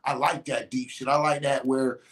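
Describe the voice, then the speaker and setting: A podcast host telling a casual dating story in a profane, slangy, animated way, often restarting and repeating words. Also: medium pitch, normal speed.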